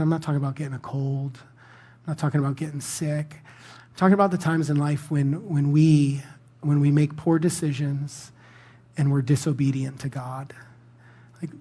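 A man's voice: fairly high pitch, dark tone. A man preaching a sermon in a conversational, self-deprecating storytelling manner. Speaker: pastor.

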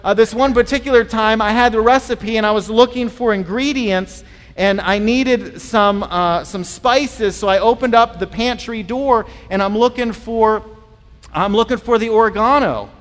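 A man delivers a sermon in a relaxed, conversational manner, often repeating a word as he finds his footing. His voice sits fairly high for a man. The recording has the long reverberation of a large hall. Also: moderate pace. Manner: conversational and animated, acting out voices in stories; repeats words when starting phrases. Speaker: pastor.

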